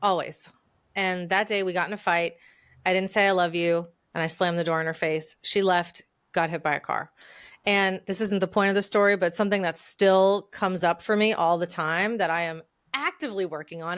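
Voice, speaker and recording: A woman in her forties hosts a podcast and speaks with a smooth, clear tone. Her delivery is candid and reflective, and the recording is dry and close. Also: lowish voice, a bit bright, no room sound. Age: 40s. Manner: candid, reflective, speeds up and slows down. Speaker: podcast host. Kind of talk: personal storytelling in a conversation.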